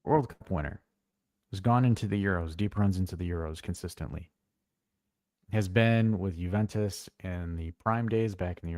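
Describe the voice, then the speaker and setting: A man co-hosting a casual football live stream, blunt and animated, swearing freely as he tells stories. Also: low voice, no room sound, studio quality. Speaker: co-host.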